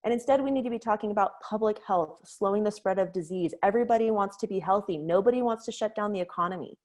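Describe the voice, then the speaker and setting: A woman leading a webinar on conflict resolution, explaining ideas clearly and telling a story to make her point. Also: medium pitch, fast, a little mellow. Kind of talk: webinar lecture. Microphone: webinar microphone.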